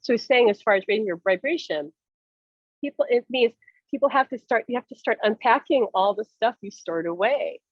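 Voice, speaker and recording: A woman speaking as a spiritual medium in a casual talk, telling stories in a lively way and laughing often. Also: on the high side, brisk, no echo, lo-fi sound. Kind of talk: casual talk show chat.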